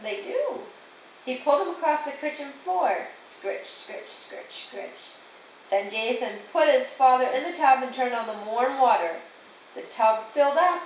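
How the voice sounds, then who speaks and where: A woman reading a picture book aloud to a small child, slow and patient, adding sound effects along the way. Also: sits high, expressive. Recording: echoey room, distant mic, faint hiss.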